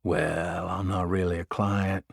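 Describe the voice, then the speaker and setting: A man voicing a wry, gravelly Secret Service agent. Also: low voice, flat delivery, takes it slowly, no room sound, studio quality, full character voice.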